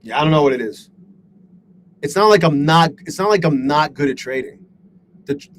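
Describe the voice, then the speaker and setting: A man's voice: a little high, lively intonation, normal speed, pauses often, rough recording. A man live-streaming his day trading, talking to his chat in a frustrated, self-deprecating way and swearing a lot.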